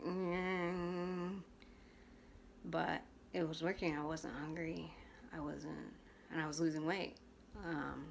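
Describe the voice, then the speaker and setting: A vlogger in her twenties tells a personal story to camera in a frank, chatty manner, full of fillers and restarts. Her voice is low-pitched, with slight background noise.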